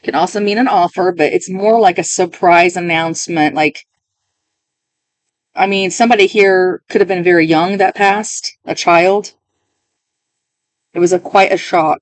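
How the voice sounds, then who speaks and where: A woman's voice: fairly low pitch, fairly even intonation, unhurried, pauses often, no room sound. A woman reading tarot cards for her viewers, talking in a musing, emotional way and often interrupting herself. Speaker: tarot reader.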